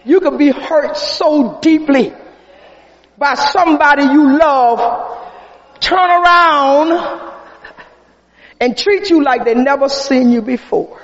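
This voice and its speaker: A man preaching an impassioned sermon in a large church. He builds to shouts and repeats his refrains. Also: very high voice, slow, long pauses. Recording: echoey hall, dull sound, faint congregation.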